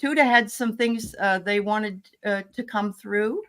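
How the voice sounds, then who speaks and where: A woman's voice: medium pitch, a little slow, a bit bright. Woman hosting a chill livestream, greeting folks by name, lots of ums. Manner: greets viewers by name, chatty, many fillers. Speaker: host. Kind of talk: casual livestream chat.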